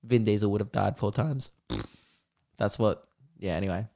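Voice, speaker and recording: A man's voice: fairly low pitch, normal speed, dark tone. A young man hosting a comedy podcast, ranting with self-mocking humor and lots of swearing. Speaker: podcast host. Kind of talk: casual comedic rant.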